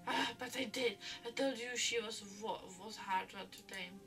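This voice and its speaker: A woman reading a cold, scheming aunt from a game in a soft, hushed voice. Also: fairly high pitch, normal speed, distant mic, music in the background, natural voice.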